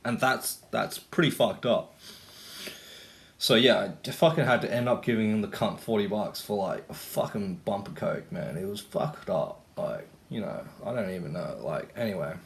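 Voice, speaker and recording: A young man with a low-leaning voice and vocal fry speaks at a moderate pace in a casual vlog. He rants and tells stories in a rambling way, swearing and saying "like" and "you know" a lot.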